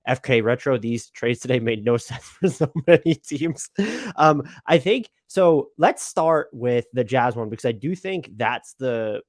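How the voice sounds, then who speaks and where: A man's voice: mid-range voice, animated, measured pace, no echo, studio quality. A man hosting a live basketball talk stream, casual and rambling, swearing and stammering with lots of fillers. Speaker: NBA podcast host.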